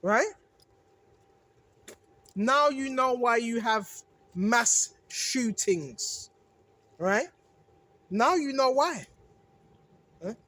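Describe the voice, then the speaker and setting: A mid-range, slightly bright voice belongs to a religious video maker preaching casually to viewers. They repeat phrases for emphasis, keep restarting and correcting their sentences, and often ask "right?"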